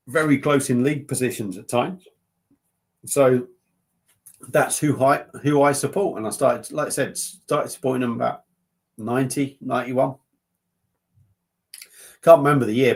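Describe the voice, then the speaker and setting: Rambling, sweary host in his fifties. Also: mid-range voice. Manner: joking, rambling, sweary banter. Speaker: beer review livestream host. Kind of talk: casual livestream chat.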